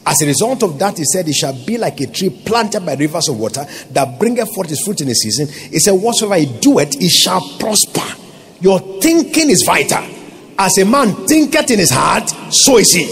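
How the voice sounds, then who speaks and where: A man's voice: high voice, sing-song, moderate pace, fairly bright tone, husky, soft background music. A Nigerian man preaching a sermon as pastor, emphatic and calling out to his congregation for responses.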